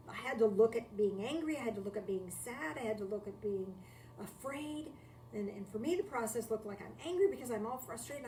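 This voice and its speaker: A woman's voice: fairly high pitch, darkish tone. A woman giving a live-streamed spiritual talk from home, reflective and conversational, repeating key phrases and asking rhetorical questions. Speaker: spiritual teacher. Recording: echoey room, distant mic, faint noise.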